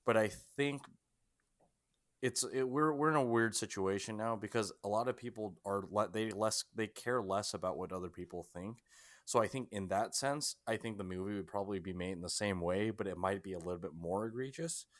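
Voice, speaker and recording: A man with a lowish voice talks through a film in a relaxed podcast chat, reasoning out loud and tagging his points with "right?". The sound is close and dry, with no room around it. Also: a little fast, no room sound. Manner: thinks aloud, often ends points with "right?". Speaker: podcast co-host. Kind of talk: casual movie-review chat.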